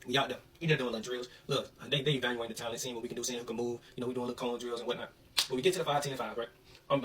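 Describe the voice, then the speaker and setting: A young man from Alabama telling a story in an animated, slangy way. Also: medium pitch, far from the mic, rough recording. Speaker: vlogger. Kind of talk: casual storytelling.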